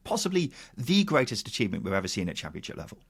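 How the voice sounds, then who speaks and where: A man's voice: on the low side, wildly swooping pitch, rapid-fire, slightly rough. A man co-hosting a football podcast, arguing in an incredulous, exasperated way. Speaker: podcast co-host. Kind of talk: casual football chat.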